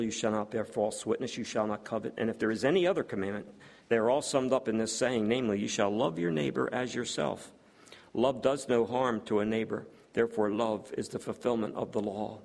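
A man's voice: medium pitch, gravelly, darkish tone. A man preaching a sermon, reading scripture aloud and putting rhetorical questions to the congregation. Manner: reads scripture aloud between remarks.

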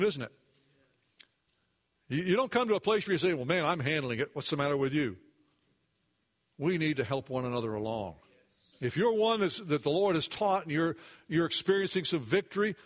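A man preaching a sermon in an earnest, conversational way, dropping his voice low for emphasis and rising when he acts out a doubter's words. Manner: occasional restarts, conversational asides. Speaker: pastor.

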